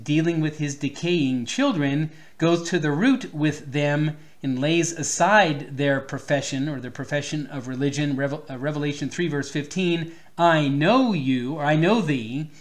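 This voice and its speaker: Man reading an old sermon, fairly high voice. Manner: reads archaic text aloud, stops to explain words, restarts. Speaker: preacher.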